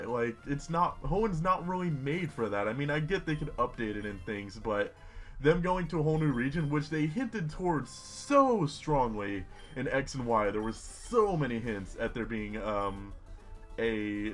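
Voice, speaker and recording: A young man giving rambling, excitable commentary while playing a video game. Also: medium pitch. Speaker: gaming YouTuber. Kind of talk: casual Let's Play commentary.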